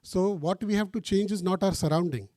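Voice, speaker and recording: A man's voice: high-pitched, fairly quick, no room sound. A man, a priest giving a retreat talk, telling a story animatedly and acting out the dialogue. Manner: animated, acts out phone dialogue, mixes in Hindi phrases. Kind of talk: storytelling sermon.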